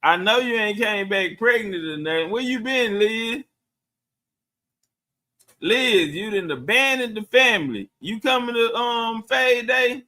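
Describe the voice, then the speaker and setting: This middle-aged livestream host has a very high, expressive voice that comes out pushed and bright, and he talks a little slowly. It's loose, profane chat as he replies to viewer comments.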